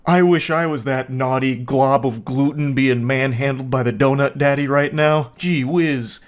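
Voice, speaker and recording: A man voicing a flustered imaginary fan who swoons with prim, old-fashioned exclamations, slightly slower than his usual talk. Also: medium pitch, steady tone, close to an everyday voice. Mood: swooning.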